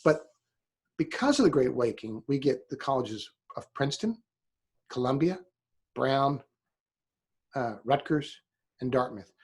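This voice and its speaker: Husky-voiced man teaching history. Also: mid-range voice, animated, measured pace, long pauses, darkish tone. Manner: conversational, frequent fillers and restarts, teasing asides to students. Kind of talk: classroom lecture.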